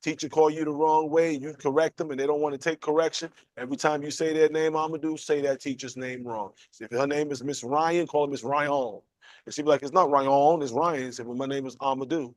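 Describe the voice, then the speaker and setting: A man's voice: a little fast, dry recording. A man leading a conversational Bible class, asking questions and acting out quotes. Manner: animated, playful, acts out quotes with jumps in pitch. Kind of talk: conversational sermon with call and response.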